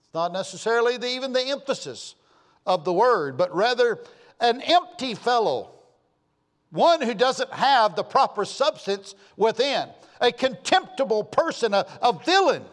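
A man's voice: sits high, very animated, unhurried. A man preaching a sermon, emphatic and fond of repeating his key phrases. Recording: long hall reverb.

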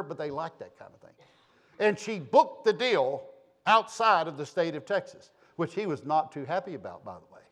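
Male pastor, fiery sermon delivery, high and highly animated pitch, loud peaks against quiet asides. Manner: impassioned, swings from soft to shouting.

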